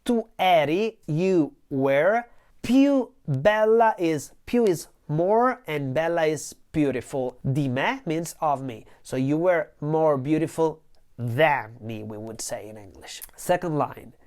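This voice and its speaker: A woman's voice: low voice, expressive, takes it slowly, a little mellow. A woman in her forties from Italy with a northeastern Italian accent, teaching Italian in a patient, chatty video lesson that drifts into side notes. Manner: chatty, digressive, patient explainer.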